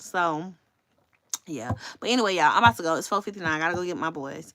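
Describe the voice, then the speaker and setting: Woman on a livestream just chatting w her viewers, lowish voice, blunt, cusses a lot. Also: animated, fast, a bit bright, slight background noise. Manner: candid and chatty, swears freely; talks straight to viewers. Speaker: livestream host. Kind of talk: casual livestream chat.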